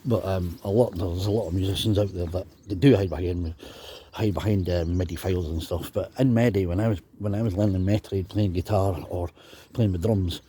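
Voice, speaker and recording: A man's voice: sits low, fairly even intonation, a little fast, dark tone, slight background noise. A Scottish man from Dundee in his fifties, telling chatty, rambling stories about his drumming days and often adding "you know". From Scotland. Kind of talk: casual storytelling monologue.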